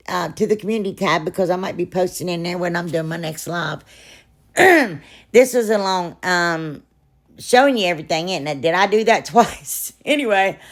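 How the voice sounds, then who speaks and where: Hoarse, chatty woman. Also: lowish voice. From Ohio, US. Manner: rambling, chatty, lots of fillers and asides. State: hoarse and froggy from a sore throat. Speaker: crafting channel host. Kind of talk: casual DIY voice-over narration.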